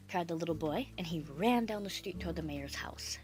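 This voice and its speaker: A woman narrating a children's storybook in an expressive, dramatic reading style, with music underneath. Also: on the low side, brisk.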